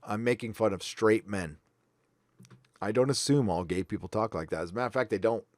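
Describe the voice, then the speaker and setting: A man's voice: lowish voice, fairly quick, no echo, studio quality. A man hosting a livestream, reading viewer donations aloud with blunt, profane, sarcastic asides. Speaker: livestream host.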